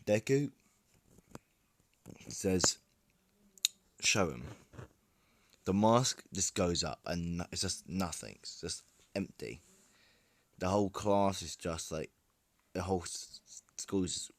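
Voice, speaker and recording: Low-voiced guy making up a fan story on his phone, rambly, lots of likes and restarts. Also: a little slow, long pauses, a little mellow, dry recording. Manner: rambling, many fillers and restarts. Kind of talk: casual improvised fan story narration.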